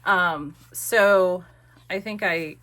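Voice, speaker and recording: A woman's voice: lowish voice, extremely slow, fairly bright tone. A woman chatting casually and rambling with many fillers in a crafting vlog, recorded at home on a desk camera. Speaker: crafting vlogger.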